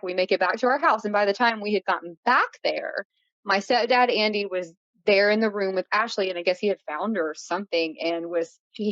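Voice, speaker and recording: Woman guest in her late 30s, animated storyteller, dead dry room, dull lo-fi audio. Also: medium pitch, dry recording. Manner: vivid, breathless retelling with many fillers. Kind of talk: casual interview storytelling. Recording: dull lo-fi sound.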